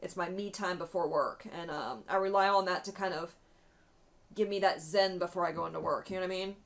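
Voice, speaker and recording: A woman's voice: on the low side, fairly quick, creaky. Candid chatty woman vlogger. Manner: casual, candid, swears freely. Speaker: beauty vlogger. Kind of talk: chatty get-ready-with-me storytelling.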